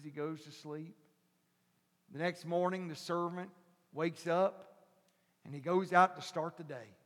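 A male pastor preaching a sermon, telling a story animatedly and acting out the characters before building to loud preaching. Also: fairly high pitch. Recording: long hall reverb.

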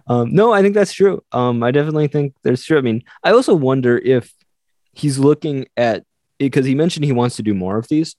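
A man's voice: medium pitch, fairly quick, dry recording, studio quality. A man with a Midwestern American accent, co-hosting a casual podcast chat, telling stories with lots of laughter and putting on other people's voices. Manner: animated storyteller, laughs often, mimics others. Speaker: podcast co-host.

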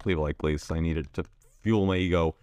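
A young man hosting a gaming video, telling a school story in a sarcastic, deadpan way with lots of restarts. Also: deep voice, brisk, clear, resonant tone, no echo. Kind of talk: casual storytelling over gameplay.

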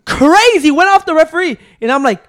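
A man's voice: very high-pitched, lively intonation, brisk, a bit bright. A man in casual chat, swearing and switching between English and Spanish. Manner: profane, mixes Spanish and English. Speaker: youth soccer parent.

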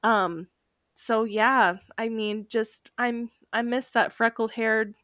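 A woman co-hosting a podcast, chatting casually, expressive and quick to laugh and get emotional. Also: a little high, no echo, studio quality. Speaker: podcast co-host. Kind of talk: casual chat.

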